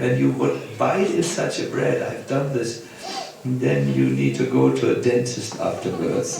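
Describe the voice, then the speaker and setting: A man's voice: medium pitch, creaky, a little mellow. A man, a monk teacher, telling a devotional story in a lecture, hesitant with fillers and chuckles. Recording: echoey hall, voice from far off.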